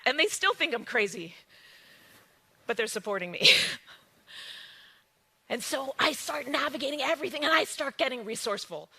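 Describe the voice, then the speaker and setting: A woman giving an emphatic motivational testimony, swinging from hushed lines to exclaiming ones. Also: on the high side. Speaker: guest speaker sharing her story.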